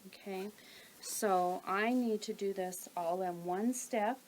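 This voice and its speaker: A woman calmly talking through a sewing tutorial step by step while she works. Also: mid-range voice, slow pace, a little hiss or hum, low-quality recording. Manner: calm, methodical, talks while working. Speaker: quilting instructor.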